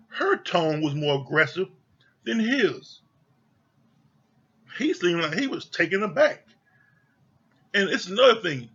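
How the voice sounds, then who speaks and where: A man reviews a reality show in a casual, blunt rant and swears without holding back. His voice is bright and a little husky and sits somewhat high. The recording sounds dull and lo-fi. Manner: blunt, exasperated, swears freely.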